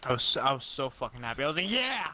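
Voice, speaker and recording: A man's voice: medium pitch, little pitch movement, rapid-fire, bright, forceful tone. A young man telling crude, boastful stories in casual chat with friends.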